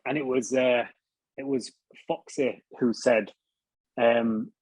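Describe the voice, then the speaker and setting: British male guest, husky, blunt, swears freely, self-mocking. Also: medium pitch, very animated, takes it slowly, darkish tone, dry recording, low-quality recording. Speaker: interview guest. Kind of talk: casual storytelling.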